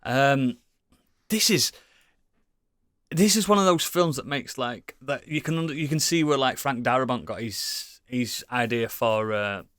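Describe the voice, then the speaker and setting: A man's voice: medium pitch, a little slow, fairly bright tone, clear, resonant tone, no room sound, clean studio sound. A British man co-hosting a casual podcast, rambling enthusiastically with lots of swearing and restarts. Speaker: podcast co-host. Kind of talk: casual chat.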